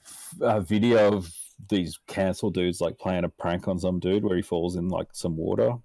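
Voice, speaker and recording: Brief: young aussie bloke, very low voice, dry close sound, rambling sweary storyteller. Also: male voice, fairly even intonation, moderate pace, creaky, mellow, no room sound. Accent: Australian. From Australia. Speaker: podcast guest. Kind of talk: casual podcast chat.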